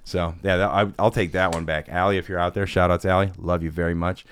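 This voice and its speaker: A man's voice: low-pitched, level tone, fast talker, clear, resonant tone. A man hosting a podcast, telling rambling, self-deprecating stories in casual chat. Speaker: podcast host.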